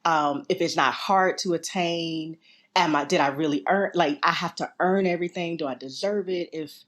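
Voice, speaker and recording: A woman's voice: on the low side, normal speed. A woman guest on an interview show, telling a personal story casually and animatedly. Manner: animated, acts out quoted voices. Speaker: interview guest, yoga teacher.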